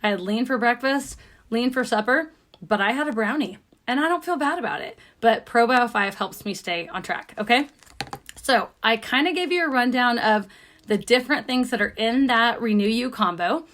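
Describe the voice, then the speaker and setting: Chatty emphatic woman pitching supplements. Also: normal speed, fairly bright tone. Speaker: nurse practitioner selling supplements. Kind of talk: casual product rundown to viewers.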